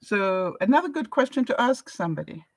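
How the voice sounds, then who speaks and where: An older English woman with a chatty, laughing way of talking as she answers viewers on a live stream. Her voice sits at an ordinary middle pitch for a woman. It is recorded dry and close, with no room echo. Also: very animated, a little fast. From England. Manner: chatty, laughs often, reads viewer comments aloud. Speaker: vlogger. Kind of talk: casual live-stream chat.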